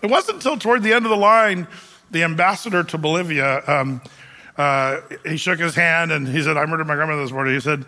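A man's voice: on the high side, moderate pace, pushed and bright, long reverb tail. A man preaching a sermon as pastor, telling stories in a chatty way with many fillers and restarts.

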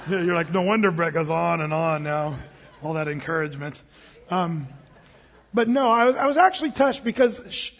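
High-voiced pastor, emphatic, lo-fi hall. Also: male voice, husky. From United States. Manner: conversational, emphatic, with quoted asides. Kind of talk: sermon. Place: church sanctuary.

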